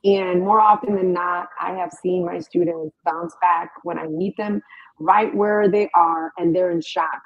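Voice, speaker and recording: Husky woman on a tinny line. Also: fairly low pitch, steady tone, unhurried, no echo. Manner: emphatic, uses rhetorical "right?". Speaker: host. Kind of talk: casual interview talk. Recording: dry tinny phone-like line.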